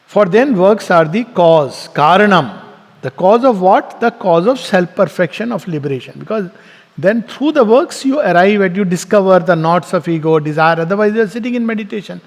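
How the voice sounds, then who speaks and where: A man's voice: high-pitched, lively intonation, moderate pace. A man giving a spiritual lecture, telling stories, asking rhetorical questions and laughing often. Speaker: spiritual teacher. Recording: long reverb in a hall.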